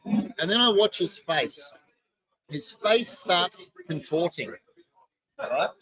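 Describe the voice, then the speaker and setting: An Australian man, a podcast host and craft distiller, telling stories in a jokey, lively way at a distillery bar. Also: high voice, takes it slowly, husky, dry recording, poor audio. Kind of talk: casual podcast storytelling.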